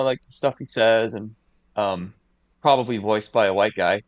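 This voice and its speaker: Speaking at a moderate pace in a lowish voice, a man from the United States co-hosts a podcast and winds through a lengthy, filler-heavy story. There's no room sound, and the recording is dry, dull and lo-fi.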